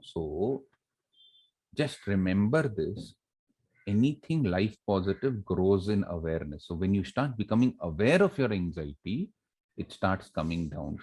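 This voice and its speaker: A man's voice: on the low side, animated, a little slow, darkish tone, slightly rough. A middle-aged man with an Indian English accent giving a motivational lecture to students on facing exams, repeating key phrases and quizzing his listeners with rhetorical questions. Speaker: college academic director giving exam advice.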